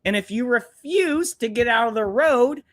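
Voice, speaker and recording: A man's voice: very high voice, animated, normal speed. A young man hosting a live stream, ranting angrily and bluntly with plenty of swearing. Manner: angry, profane, blunt ranting.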